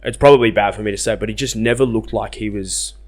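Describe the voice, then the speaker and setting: Self-mocking Aussie bloke telling stories. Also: male voice, lowish voice, quick pace. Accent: Australian. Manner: animated, self-mocking, slangy. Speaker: podcast guest. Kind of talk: casual storytelling.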